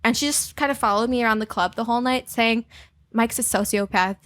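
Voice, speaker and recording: A woman's voice: on the high side, a little fast, a bit bright. A woman guest telling anecdotes on a podcast, laughing through her stories. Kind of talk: casual podcast chat.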